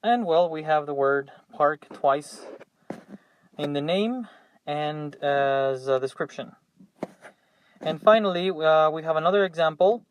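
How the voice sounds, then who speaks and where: A man's voice: a little high, measured pace, pauses often. A young man teaching English vocabulary, patiently repeating each word three times for students. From Mexico. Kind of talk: classroom vocabulary drill.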